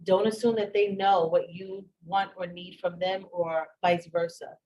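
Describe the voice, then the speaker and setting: A woman's voice: fairly low pitch, fairly even intonation, a little slow, a little mellow, low-quality recording. A woman giving a plain, instructive workplace training talk that repeats its key points. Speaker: staff trainer.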